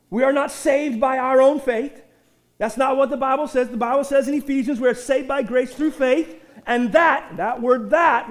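A man with a strikingly high voice delivers a lively sermon. He often stumbles over repeated words, then drives points home with sudden loud emphasis. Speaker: pastor.

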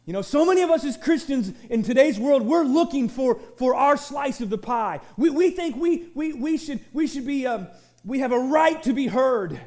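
A man with a strikingly high voice preaches a sermon. He swings between loud, shouted emphasis and quiet, low-pitched asides. He often restarts and repeats his words. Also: expressive, moderate pace. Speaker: pastor.

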